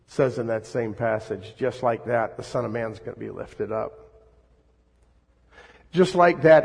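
A man preaching a sermon, swinging between loud emphatic lines and hushed ones. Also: medium pitch, gravelly, slightly rough. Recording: long reverb of a large hall.

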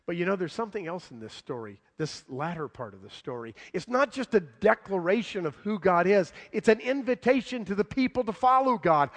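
Male preacher, slightly high voice, dramatic delivery that acts out the story's voices, long hall reverb. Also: very animated, normal speed, vocal fry. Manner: dramatic, swings from loud to hushed. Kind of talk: sermon.

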